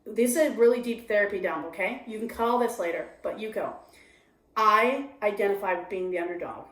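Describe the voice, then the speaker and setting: Talking a little fast in a mid-range voice, a female comic shares candidly in an interview. She's animated and confessional, dramatizing her own inner voice, and the room echoes.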